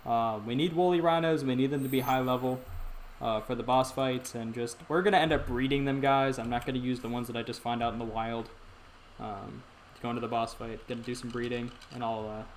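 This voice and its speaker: A man's voice: mid-range voice, fairly even intonation, a little fast, slight background noise. A young man hosting a gaming channel, giving rambling casual commentary to viewers as he plays. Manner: rambling, talks to viewers, frequent restarts.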